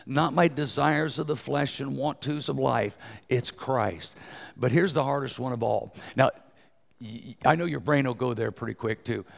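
Gravelly 60s evangelist preaching. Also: male voice, medium pitch. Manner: folksy, joking, calls for crowd participation. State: hoarse. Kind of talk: sermon.

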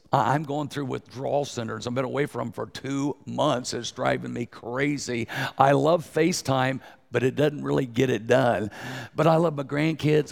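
A man in his sixties, an evangelist preaching a folksy, joking sermon, a bit hoarse, urging the crowd to join in. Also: medium pitch. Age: 60s.

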